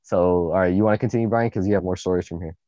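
A man's voice: deep voice, racing, no room sound. A young man co-hosts a casual podcast and tells a group story with plenty of swearing. He acts out what his friends said. His voice comes through a dull, dry home mic. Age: young adult. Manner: animated, swears a lot, acts out friends' lines. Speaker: podcast co-host.

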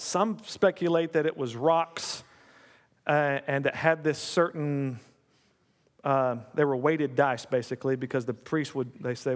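A man's voice: fairly high pitch, big-room sound. A man preaching a sermon in a church, talking conversationally, coaxing the congregation and repeating key lines.

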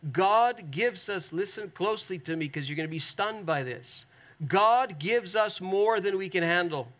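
A man preaching a sermon as pastor, earnest and emphatic, often turning to the congregation and slowing down hard on the key phrases. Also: fairly high pitch, vocal fry, a bit bright. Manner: slows down sharply on key phrases.

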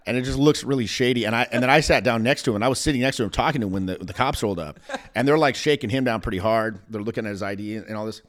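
A man's voice: medium pitch, racing. A middle-aged American man, a podcast guest, telling stories casually, acting out voices and swearing freely. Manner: animated, swears freely, acts out voices while laughing. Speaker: guest, dating coach.

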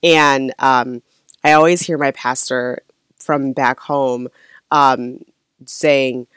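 Devotional teacher from Minnesota, mid-pitched, earnest, dry close recording. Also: fairly even intonation, takes it slowly, a bit bright, clear, resonant tone, no echo. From Saint Paul, Minnesota. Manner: earnest, conversational, with frequent fillers and restarts.

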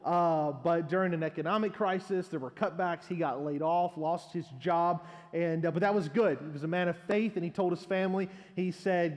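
A man's voice: fairly high pitch, normal speed, a little mellow, long reverb tail. A male pastor preaching a sermon, telling a long humorous story as an illustration.

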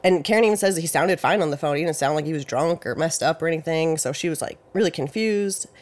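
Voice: medium pitch, quick pace. A podcast host casually retelling a true-crime case, talking loosely with lots of "like" and "you know" and hedging details with "I think" and "I believe". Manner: hedges facts with "I think" and "I believe".

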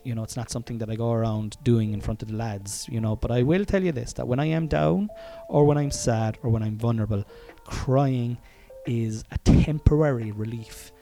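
A man with an Irish accent tells a story from his own life, casual and candid, swearing freely and chuckling between rambling asides. His voice is warm and mellow, at a mid pitch. Soft music plays faintly underneath. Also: normal speed, gravelly, few pauses. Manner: frank and profane, often chuckling, rambling asides. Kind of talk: casual personal storytelling monologue.

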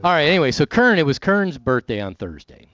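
A man's voice: a little high, a little fast, no echo, lo-fi sound. Chatty Texan radio host, man. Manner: chatty, animated, rambling. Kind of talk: casual radio chat and live read.

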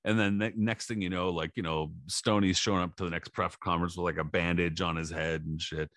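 A low-pitched man on a podcast, spinning a crude, animated story. His voice is close and dry, with no room sound. He keeps slipping into shouted impressions of the people he talks about. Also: fairly quick, no room sound. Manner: profane animated storytelling, acting out shouted quotes. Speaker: podcast co-host. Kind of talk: casual podcast chat.

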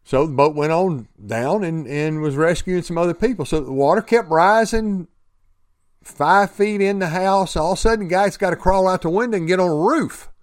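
An earnest man, fairly high-voiced for a man, gives a motivational talk with stories and often repeats words and restarts his sentences. The recording is dry and close, with no echo. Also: moderate pace. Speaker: speaker sharing faith and recovery.

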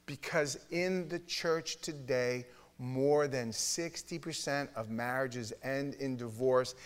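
A middle-aged man preaching a sermon in a Bible study, blunt and emphatic, with his voice swinging from loud to hushed. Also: mid-range voice. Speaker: pastor teaching a Bible study.

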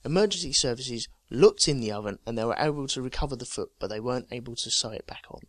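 A man's voice: mid-range voice, expressive, fast, dry recording. Male co-host, jokey storyteller, dry close-mic sound. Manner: jokey storyteller, reading out news items with chuckles. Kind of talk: casual chat.

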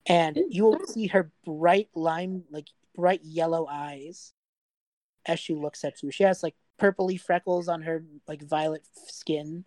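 A woman's voice: low voice, a little slow, a little mellow, dry recording. A young adult woman narrating a tabletop game as game master in a casual, rambling way with many fillers.

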